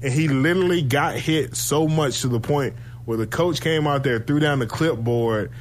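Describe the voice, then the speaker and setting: A man chatting casually about football, animated and profane, telling stories and laughing often. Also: on the high side, normal speed, slight background noise. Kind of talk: casual sports chat.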